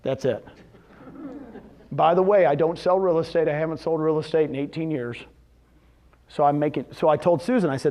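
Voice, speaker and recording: A man giving a live seminar talk to real estate agents, telling success stories and firing questions at the audience. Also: a little high. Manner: animated, storytelling with quick questions to the audience. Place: meeting room with a live audience.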